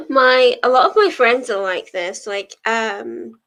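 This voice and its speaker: A woman's voice: fairly high pitch, slow, vocal fry, few pauses, fairly bright tone. A young woman hosting a livestream, chatting casually and rambling as she answers her viewers' messages. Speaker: livestream host of reading sprints. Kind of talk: casual chat with live viewers.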